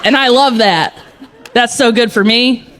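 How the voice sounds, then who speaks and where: A woman's voice: fairly high pitch, measured pace, a little hiss or hum. A woman doing a stand-up comedy set on a club stage, telling stories and acting out the people in them. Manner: animated storytelling, acting out quotes.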